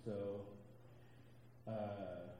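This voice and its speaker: A man on a discussion panel, talking in a hesitant, halting but candid way. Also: on the low side, flat delivery, dark tone, heavy reverb, slight background noise, low-quality recording. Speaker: panelist, educator and volleyball coach.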